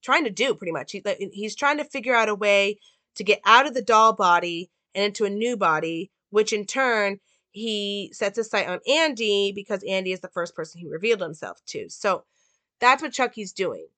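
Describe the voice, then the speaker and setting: A woman walks through a film's plot and meaning in a relaxed, rambling way. Her voice is bright and crisp, and the recording is dry with no room sound. She fills her pauses with "like" and "um.". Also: medium pitch, no echo. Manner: loose, with many "like" and "um" fillers. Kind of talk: casual film analysis and plot recap.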